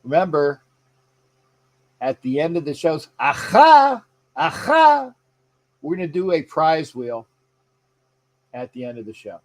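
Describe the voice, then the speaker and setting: A rambling man hosting a live sports stream in a loose, chatty way. His voice sits a little on the high side, and he keeps breaking off to greet viewers and restart his sentences. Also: normal speed, long pauses, darkish tone. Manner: rambling, chatty, reads viewer comments aloud; frequent fillers and restarts. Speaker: sports show host. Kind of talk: casual live-stream chat.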